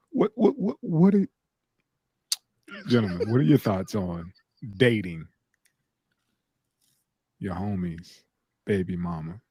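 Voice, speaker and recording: A man's voice: deep voice, lively intonation, slow, pauses often, dark tone, slightly rough, dry recording. A man hosting a podcast in casual, laid-back chat full of slang, putting questions to the group.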